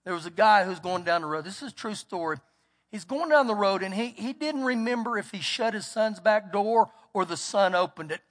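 A man's voice: high-pitched, lively intonation, a little fast, fairly bright tone. A man, a pastor preaching an emphatic sermon and telling a story, repeating words for stress. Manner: storytelling, acts out quotes. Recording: long reverb of a church hall.

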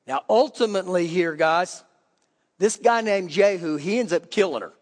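High-voiced pastor preaching in a hall. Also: male voice, lively intonation, normal speed. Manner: reads scripture aloud, then paraphrases with emphatic rising pitch. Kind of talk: sermon. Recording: long hall reverb.

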